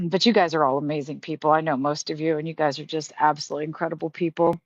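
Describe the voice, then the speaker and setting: Talking fast in a low voice with a steady tone, a middle-aged livestream host tells chatty, heartfelt stories laced with fillers. The recording is dry and a bit muffled, with no room sound.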